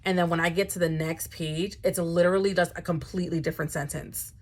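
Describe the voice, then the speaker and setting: A young woman chatting casually about books, dramatic and animated, swinging from low mumbles to high exclamations. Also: quick pace, slightly rough. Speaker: book vlogger. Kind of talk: casual chat.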